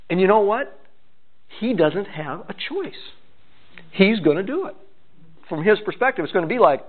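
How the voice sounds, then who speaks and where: A man's voice: on the high side, very animated, unhurried, long pauses. A man preaching an expository sermon, with pointed asides to his listeners. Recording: tinny phone-like sound.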